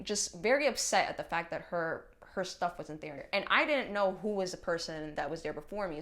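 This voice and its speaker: Brief: woman storyteller, animated and slangy, profane, bright tone. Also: on the low side. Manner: animated, slangy, swears freely. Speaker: vlogger. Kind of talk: casual storytime.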